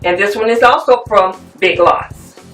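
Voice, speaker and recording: A woman at medium pitch, in no hurry, holds a casual show-and-tell of home decor finds for her viewers and rambles a little. The room echoes, the microphone is distant, and soft music runs in the background.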